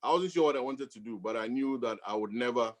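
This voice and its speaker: A middle-aged man from Ghana speaks as a guest in a casual interview. He tells his stories in an animated way and laughs often between lines. His voice sits at an ordinary middle pitch. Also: quick pace. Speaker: guest DJ and professor.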